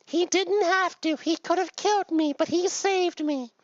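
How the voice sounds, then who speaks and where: A man voicing a tiny, grateful little spider in a very high, squeaky falsetto that he draws out slowly. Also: no room sound, lo-fi sound. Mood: earnest pleading.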